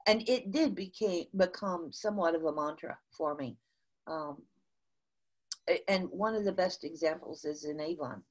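An older woman from the USA, a guest in an interview, telling a business story in an animated way with frequent restarts. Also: on the low side, normal speed.

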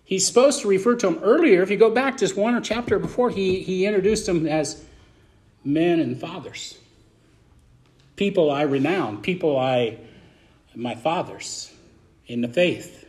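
A man with a high-pitched voice preaches a verse-by-verse sermon. He talks in a colloquial, emphatic way, swinging between loud bursts and quiet asides. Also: normal speed. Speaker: pastor.

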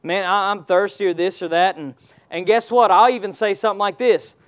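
A man's voice: high voice, fairly even intonation, fairly quick, fairly bright tone. A man preaching a sermon in a church, using call-and-response and rhetorical questions. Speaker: pastor.

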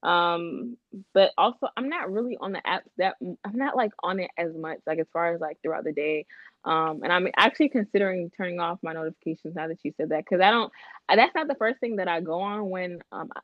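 A woman in casual podcast chat, telling stories lively with laughs and quoted voices. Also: lowish voice, fairly quick, dry recording, lo-fi sound.

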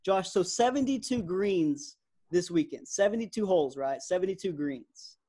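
A young man in his twenties co-hosting a podcast, chatting in a relaxed way with lots of fillers. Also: sits high, moderate pace, husky. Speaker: podcast co-host. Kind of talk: casual sports podcast chat.

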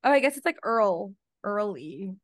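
A woman's voice: mid-range voice, animated, measured pace, dry recording, studio quality. A young woman chatting on a book podcast, gushing affectionately about a character. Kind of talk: casual book-podcast chat.

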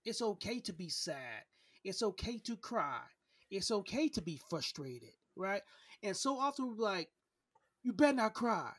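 A man's voice: high-pitched, big pitch swings, unhurried, fairly bright tone, slightly rough, dry recording, studio quality. A man hosting a casual podcast conversation, earnest and open, often repeating words as he searches for his thoughts. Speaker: podcast host.

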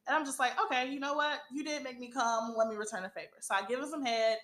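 A young adult woman hosting a podcast, telling a profane story in casual chat, animated and laughing often. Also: fairly high pitch, fairly quick, reverberant. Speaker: podcast host.

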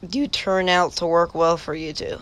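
A man voicing a brash young male pup who boasts of being tough, read deadpan. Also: a little high, moderate pace, smooth, close to an everyday voice. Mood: hopeful.

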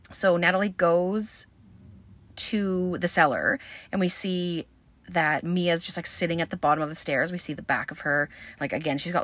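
A woman's voice: sits low, fairly bright tone. A woman giving a casual, chatty film recap, full of "um" and "like" fillers and blunt about what happens. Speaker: movie recap host.

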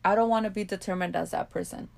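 A woman in her thirties with a Los Angeles accent, co-hosting a podcast in a loose, candid chat. She tells stories plainly and swears freely, at an ordinary middle pitch. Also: steady tone, quick pace, creaky. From South Central Los Angeles. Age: 30s. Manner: candid storytelling, frequent profanity and laughter. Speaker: podcast co-host.

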